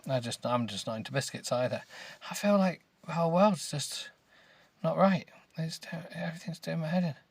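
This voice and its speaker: A British man hosting a comedy podcast, grumbling and rambling as he reads a book aloud with deadpan, self-mocking remarks. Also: on the high side, fairly quick, husky, no echo. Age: adult with children. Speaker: podcast host.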